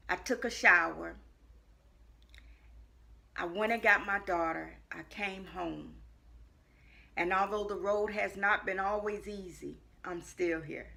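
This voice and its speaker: A woman, a life coach, telling her personal testimony in earnest, repeating phrases for weight and moving between hushed and loud moments. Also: mid-range voice, vocal fry. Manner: earnest storytelling with frequent repetition; shifts between hushed and loud as she tells it.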